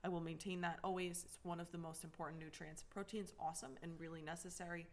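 A woman trainer chatting on a podcast, her voice sitting a little low. She rambles with plenty of fillers and restarts, and she has the hiccups. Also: level tone, quick pace. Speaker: personal trainer and podcast co-host. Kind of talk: casual podcast chat.

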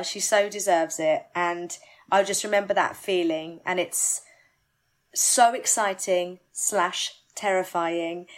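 A woman, a musical theatre actress, chatting candidly in an interview, animated and self-deprecating. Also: on the low side. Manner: animated, self-deprecating, rushes words when excited.

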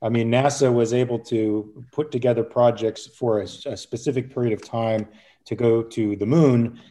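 Male guest, dark mellow tone, measured and opinionated, casual panel. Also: mid-range voice, steady tone.

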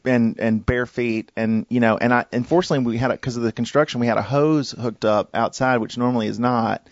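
A man, chatting casually and telling a rambling, animated story with lots of restarts. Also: medium pitch, a little fast, dry recording, dull audio.

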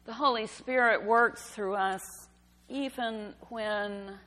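A woman giving a sermon, telling a story in a gentle, unhurried way. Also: on the high side, steady tone. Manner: slow, gentle storytelling delivery. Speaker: preacher. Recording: reverberant hall.

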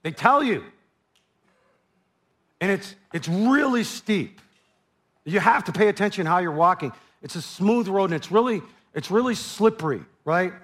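A man's voice: high-pitched, animated, a little slow, pauses often, fairly bright tone. A man preaching a sermon verse by verse, conversational, with asides and frequent repeated words. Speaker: pastor. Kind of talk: verse-by-verse Bible teaching.

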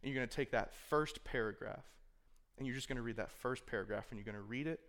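A man at a mid-range pitch gives a laid-back sermon to a youth group. He talks loosely and conversationally, with plenty of "like" and "you know", and now and then acts out what a listener might think. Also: quick pace, fairly bright tone. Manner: conversational, filler-heavy, acts out imagined inner thoughts. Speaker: youth speaker. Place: room with a live audience.

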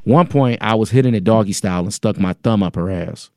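A man in his forties with a low voice reads a listener's letter on a podcast, deadpan and joking. The sound is dry and close. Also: brisk, no room sound. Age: 40s. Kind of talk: casual podcast chat, reading a letter aloud.

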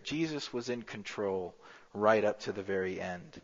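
A man preaching a sermon as pastor, rising to emphatic peaks and dropping to a hushed low voice. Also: moderate pace. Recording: muffled with long hall reverb.

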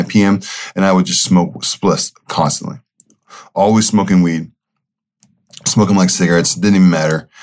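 A young man hosting a podcast, telling a personal story in a loose, rambling way with many fillers and self-corrections. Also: low-pitched. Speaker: podcast host. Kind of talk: casual storytelling monologue.

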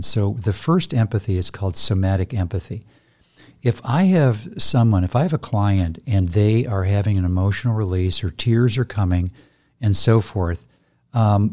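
An older man with a gentle, reflective manner, explaining his therapy practice in a conversational interview. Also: lowish voice. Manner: gentle, reflective, restarts phrases. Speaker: guest, somatic therapist.

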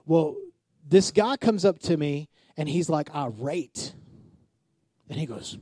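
Speaking at a moderate pace, this pastor, a man of about forty-something with a high voice for a man, delivers a sermon through lively storytelling. He acts out the quotes of people in his anecdotes and uses call-and-response with the congregation; the recording is dry, with almost no room echo.

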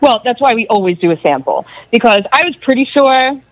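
A woman answering interview questions as an event decor designer, speaking in a measured, practical way. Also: on the high side, expressive, no room sound, muffled recording.

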